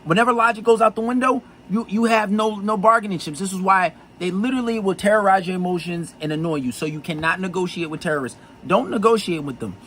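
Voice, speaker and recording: A man's voice: sits high, fast talker, few pauses, a bit bright, a little hiss or hum, rough recording. A man giving blunt dating advice in a profane, insistent monologue full of repetition.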